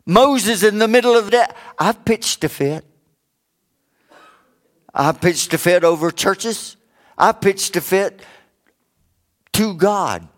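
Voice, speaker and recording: A middle-aged man preaching a sermon, rising for emphasis and dropping low for joking asides. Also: slow pace, pauses often. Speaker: pastor.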